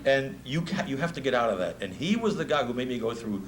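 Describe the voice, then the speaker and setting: A man's voice: mid-range voice, fast talker, slight background noise, poor audio. A man in his fifties with a New York accent, a music promoter telling stories in a speech and laughing often. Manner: animated storyteller, laughs often. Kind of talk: anecdotal speech.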